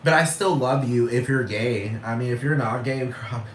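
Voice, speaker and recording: A man's voice: medium pitch, fairly even intonation, a little fast, hardly any pauses, slight background noise. A man giving a blunt, heated, profane rant as a vlogger, repeating his points. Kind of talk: profane ranting monologue. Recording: echoey room.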